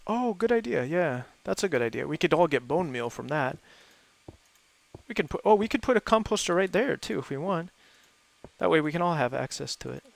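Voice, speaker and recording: A man hosting a co-op game stream, chatting casually and easily with friends, laughing often and thinking out loud as he plays. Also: on the high side, expressive, brisk, creaky, no echo. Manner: thinks aloud with fillers. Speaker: gaming host playing with friends. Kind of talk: casual chat while gaming.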